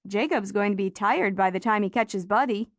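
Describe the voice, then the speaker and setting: A woman voicing a relaxed, good-humored young boy in an audiobook. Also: medium pitch, moderate pace, dry recording, voice pushed down, natural voice. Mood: easygoing. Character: easygoing young boy, good-natured friend. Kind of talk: audiobook character voice.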